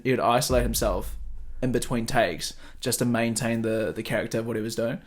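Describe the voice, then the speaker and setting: An easygoing New Zealand man hosts a casual podcast, full of slangy banter. His voice sits at a medium pitch, and he keeps it loose and friendly with his guest. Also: steady tone, a little fast. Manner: easygoing slangy banter, says bro a lot. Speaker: podcast host. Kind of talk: casual chat.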